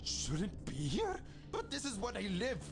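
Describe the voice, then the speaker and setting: A prim, jumpy game program. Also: male voice, high-pitched, wildly swooping pitch, measured pace, music in the background, heavily acted. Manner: prim, dramatic, easily alarmed. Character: anxious, touchy game program, male.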